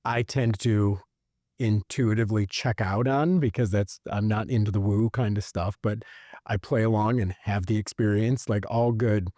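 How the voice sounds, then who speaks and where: A man hosting a podcast, telling stories in a casual, animated way with lots of fillers. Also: lowish voice, normal speed, no room sound, clean studio sound. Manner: animated storyteller, many fillers. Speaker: podcast host. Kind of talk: casual conversation.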